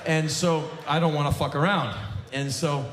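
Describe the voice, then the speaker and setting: Man, sarcastic, profane, live spoken word set, slightly high voice, echoey theater. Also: steady tone, moderate pace, fairly bright tone, slight background noise. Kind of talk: live stand-up monologue. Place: large theater stage, live audience.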